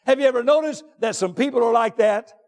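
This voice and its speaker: A man with a very high voice preaches in a church, his words ringing out in a long hall reverb. He drags out his phrases and repeats them, then shouts his key points. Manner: drawn-out deliberate phrasing with repetitions. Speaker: pastor. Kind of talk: sermon. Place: church sanctuary.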